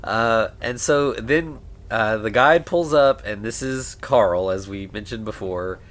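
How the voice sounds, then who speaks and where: A man co-hosting a podcast, casually recapping a film and acting out the characters' lines in a lively way. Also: lowish voice, takes it slowly. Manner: animated, acts out characters' lines while retelling. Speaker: podcast co-host. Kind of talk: casual movie recap chat.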